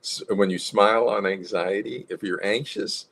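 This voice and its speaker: A man's voice: on the low side, normal speed, creaky, husky. A man, a psychologist hosting an instructional livestream, who talks animatedly and acts out different tones of voice. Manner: animated, demonstrates tones of voice, chuckles.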